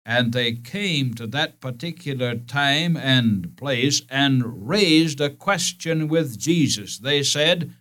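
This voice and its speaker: A man's voice: mid-range voice, animated, slow pace, a bit bright. A man preaching a sermon in an earnest, emphatic way, repeating key phrases and speaking directly to his listeners.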